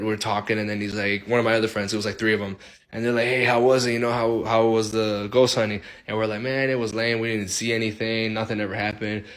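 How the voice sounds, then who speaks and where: Man telling a casual ghost story. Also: medium pitch. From Illinois. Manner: animated, acts out friends' quotes, swears freely.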